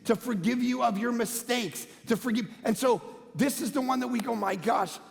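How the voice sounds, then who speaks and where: A man, a pastor, preaching a conversational sermon that swings between loud emphatic bursts and quiet low asides. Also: normal speed, gravelly. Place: church auditorium. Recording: long hall reverb.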